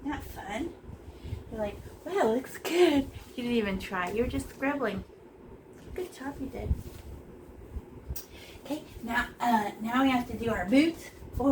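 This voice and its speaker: A woman's voice: a little high, noisy background. Playful chatty woman art teacher. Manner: playful, chatty, makes silly sound effects. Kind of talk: casual painting tutorial. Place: small art room, indoors.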